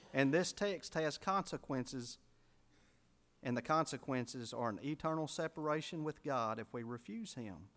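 A man preaching a sermon, building to loud emphatic swells and dropping to quiet asides. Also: fairly high pitch. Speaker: pastor.

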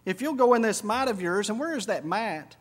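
A man preaching a sermon, swinging between quiet reflective stretches and loud, high emphatic bursts. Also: expressive, brisk. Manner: preaching with sudden rises in pitch and volume. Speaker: pastor.

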